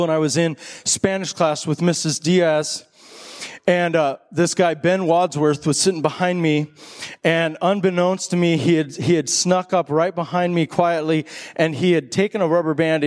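Animated pastor preaching a sermon. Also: male voice, clear, resonant tone. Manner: animated storytelling, rising high when excited.

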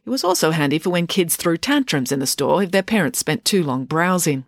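Low-voiced woman reading her own book. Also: lively intonation, a little fast, no room sound, clean studio sound. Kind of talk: audiobook narration.

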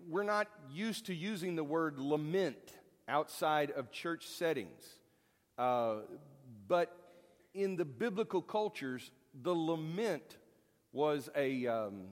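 A man preaching a conversational sermon, folksy and storytelling, with frequent fillers and restarts. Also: a little high. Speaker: pastor. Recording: long hall reverb.

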